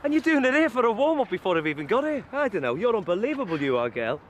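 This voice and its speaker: A man's voice: high-pitched, big pitch swings, quick pace, muffled recording, a little hiss or hum. An actor playing an enthusiastic, demanding running coach who praises and pushes his runner. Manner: eager, praising and pushing.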